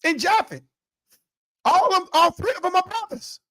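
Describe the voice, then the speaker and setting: A man's voice: extremely high pitch, lively intonation, normal speed, a bit bright, no room sound, clean studio sound. A man co-hosting a discussion, emphatic and teacherly, pressing his points and urging the listeners on. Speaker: co-host. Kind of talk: preaching-style discussion.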